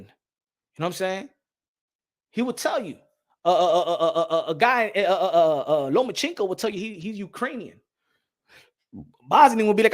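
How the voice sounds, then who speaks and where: A boxing channel host, a man with a high voice, rants heatedly to camera. He is profane and keeps repeating himself as he argues his point. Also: very animated, a little fast, pauses often, sharp tone. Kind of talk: casual opinion rant to camera.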